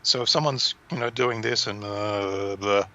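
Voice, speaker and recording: A man co-hosting a casual conversation, explaining ideas thoughtfully with pauses. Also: lowish voice, sharp tone. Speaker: podcast co-host. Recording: dull lo-fi sound with faint noise.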